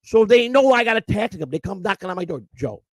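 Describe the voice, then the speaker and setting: A man's voice: sits high, animated, quick pace, no echo, studio quality. A middle-aged man hosting a live stream, telling an emotional, rambling personal story and often repeating and restarting his words. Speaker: host.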